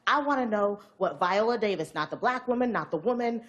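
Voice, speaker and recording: A woman's voice: medium pitch, expressive, fairly quick, a bit bright, muffled recording. A woman journalist asking a probing question at a press interview, with emphatic, repeated phrasing. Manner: emphatic, probing, building repetition. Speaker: TV network journalist.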